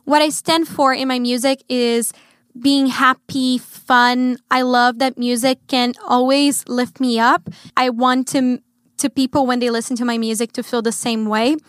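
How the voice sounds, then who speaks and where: Upbeat Brazilian woman singer, high voice. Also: little pitch movement, measured pace, clear, resonant tone, no echo, clean studio sound. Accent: Brazilian Portuguese. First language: Portuguese. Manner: upbeat, cheerful, laughs often. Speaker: guest singer. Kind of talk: casual interview chat.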